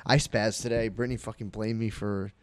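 A man's voice: lowish voice, level tone, brisk, dry recording. A young man co-hosting a podcast in casual chat, laid-back, laughing easily and swearing freely. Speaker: podcast co-host.

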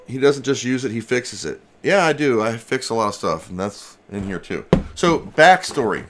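A man hosting a casual livestream from his home workshop, chatting excitedly and swearing mildly as he opens packages. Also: mid-range voice, moderate pace, noisy background. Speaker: retro computer restoration channel host. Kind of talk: casual livestream mail-opening chat.

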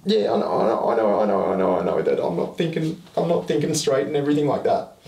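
A man's voice: medium pitch, very animated, normal speed, creaky, pauses often, warm tone. A young man, shaky and agitated, swearing his way through unscripted documentary footage in a house. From Australia. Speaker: reality TV personality. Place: house, indoors. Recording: roomy, distant, music under.

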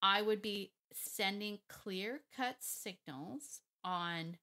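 A woman dog trainer explaining her methods in a casual, emphatic way, thinking out loud and laughing often. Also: mid-range voice, drawn-out words. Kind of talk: casual talk to camera, teaching.

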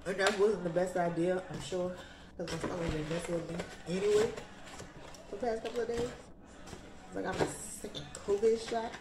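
A woman's voice: on the low side, moderate pace, roomy sound, background noise. A young woman vlogging in casual, sassy, slang-heavy chat.

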